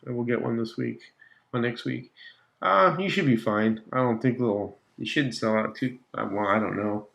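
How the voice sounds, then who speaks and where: Livestream host, man, gravelly voice, easygoing chatter with lots of laughs. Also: medium pitch, moderate pace, a bit bright. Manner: chatty, laughs often, trails off. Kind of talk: casual livestream chat reading comments. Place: home slot car track room.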